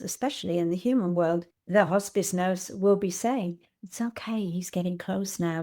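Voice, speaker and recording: Gentle low-voiced older woman, gravelly and mellow. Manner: gentle, reflective storytelling. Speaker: guest. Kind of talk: casual conversation.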